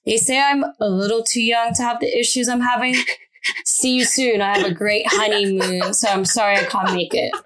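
A woman's voice: fairly high pitch, steady tone, moderate pace, fairly bright tone, close to an everyday voice. A woman reading a level-headed coworker. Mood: plain. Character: level-headed coworker, the calm one of three. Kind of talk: sketch table read.

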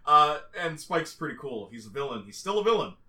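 A young man in casual chat, excitedly recapping a TV series in quick, rambling stories. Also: fairly high pitch, distant mic. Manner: fast, excitable storytelling, slips into quoted voices.

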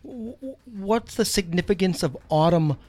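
A man in a casual chat, excitable and swearing offhandedly. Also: sits high, moderate pace, no echo. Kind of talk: casual chat about a TV show.

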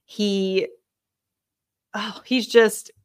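A woman hosting a podcast, sharing a personal faith testimony in an earnest, emotional way, halting and restarting her sentences. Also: medium pitch, little pitch movement, clean tone, no room sound, clean studio sound. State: overwhelmed with emotion. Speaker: podcast host.

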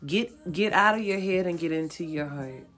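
Over soft background music, a woman with a lowish, slightly bright voice reads tarot cards for her viewers at a moderate pace. Her style is casual, blunt and profane, yet she coaxes and encourages, repeating her points for emphasis.

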